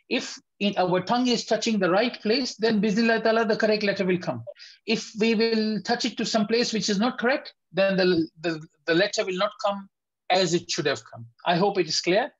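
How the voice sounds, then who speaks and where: A man's voice: high voice, lo-fi sound. A man teaching an online tajweed lesson, patiently repeating letter sounds and checking that his students follow. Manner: patient, repeats sounds slowly, asks if it is clear. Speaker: Quran recitation teacher.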